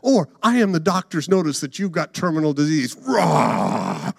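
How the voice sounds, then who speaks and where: A man's voice: on the high side, animated, brisk, no echo, studio quality. A man acting out a young lion who roars and threatens the listener. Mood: menacing. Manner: threatening, roaring between lines. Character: menacing roaring young male lion.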